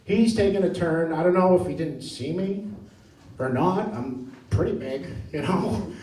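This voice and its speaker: Male stand-up comic, high voice, animated teller who laughs through his lines, club stage sound picked up from afar. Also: a little slow, roomy sound, recorded from a distance, rough recording. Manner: animated storytelling, often laughing mid-line. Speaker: stand-up comedian. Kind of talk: stand-up comedy set. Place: comedy club stage before a live audience.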